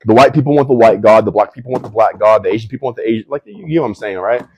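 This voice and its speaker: A man hosting a casual livestream Q&A. He is brash and hyped, full of slang, and now and then bursts into shouting. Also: lowish voice, very fast, muffled recording, slight background noise. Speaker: livestream host.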